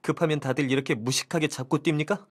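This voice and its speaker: Voice actor playing formal young man, game character, reserved, stiff delivery, quick speech. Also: mid-range voice, fairly even intonation, breathy edge, natural voice.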